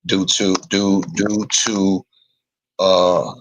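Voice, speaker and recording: A man's voice: deep voice, flat delivery, extremely slow, rough recording. A man co-hosting a podcast, thinking aloud and repeating words as he writes notes in a casual brainstorming chat. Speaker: podcast co-host.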